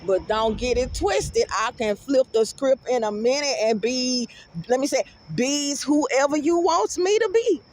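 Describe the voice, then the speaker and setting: Brash woman vlogger, AAVE, high-pitched, profane, animated rant delivery. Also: measured pace. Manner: brash, profane, animated, swings into loud outbursts. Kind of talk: casual rant to camera.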